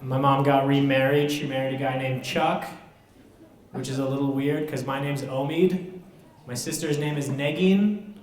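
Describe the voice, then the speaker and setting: Doing stand-up at a college student center, a young Southern California man keeps it deadpan and self-deprecating, with filler pauses scattered throughout. His voice is mid-range, and the room echoes.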